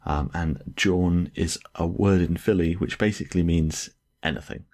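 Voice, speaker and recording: A man's voice: deep voice, normal speed, darkish tone. A man co-hosting a podcast in casual chat, chatty and jokey, loose with fillers. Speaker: podcast co-host.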